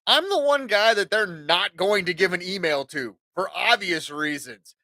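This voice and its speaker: A man in his forties telling crude, meandering work and family stories on his podcast. He has a rather high voice with a bright, forceful edge. The sound is dry and close. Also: lively intonation, normal speed, dry recording. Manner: profane, rambling, acts out quotes. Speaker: podcast host. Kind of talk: casual storytelling monologue.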